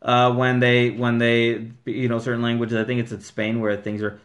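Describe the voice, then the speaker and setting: A man's voice: mid-range voice, level tone, normal speed. A young man from the Los Angeles area chats on his own podcast in a loose, rambling way. He swears freely and takes his time working through an explanation. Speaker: podcast host. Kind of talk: casual podcast chat.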